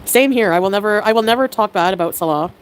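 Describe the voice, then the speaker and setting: A woman talking casually to her livestream viewers at a middling pitch. She is excitable and laughs often, jumping quickly from one mood to another. A faint noise hums behind her. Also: low-quality recording.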